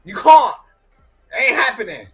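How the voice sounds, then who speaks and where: A man's voice: very high voice, animated, measured pace, a bit bright, faint music behind, poor audio. A drunk man boasting and trading insults in a heated livestream argument, with slurred, combative speech.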